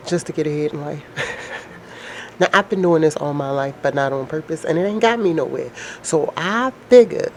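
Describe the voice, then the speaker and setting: A woman with a naturally deep voice, sick and slightly nasal, chatting casually to her viewers in a frank, rambling way. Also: expressive, moderate pace, a little hiss or hum. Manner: frank, rambling, laughs often. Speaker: vlogger. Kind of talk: casual chat to camera.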